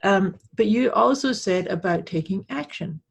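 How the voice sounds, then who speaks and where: Brief: husky North American woman, co-host, affirming coach tone. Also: mid-range voice, lively intonation, moderate pace. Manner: affirming, coach-like, builds on the other host's points. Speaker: podcast co-host. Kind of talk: casual chat.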